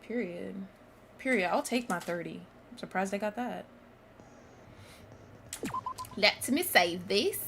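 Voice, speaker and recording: A woman streaming a video game, chatting casually with her viewers, excitable, laughing and shrieking often. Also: mid-range voice, slow, creaky, pauses often, slight background noise. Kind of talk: casual live-stream commentary.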